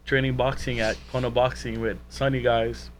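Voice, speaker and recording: Animated male co-host telling anecdotes. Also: mid-range voice, normal speed, slight background noise, poor audio. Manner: animated storyteller, does voices for friends. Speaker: podcast co-host.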